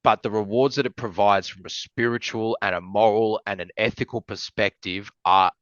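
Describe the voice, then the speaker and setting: A man's voice: fairly low pitch, steady tone, moderate pace, a bit bright, no room sound, dull audio. A man from Australia, a podcast guest in casual chat, rambling with many fillers and swearing, and getting emotional as he talks.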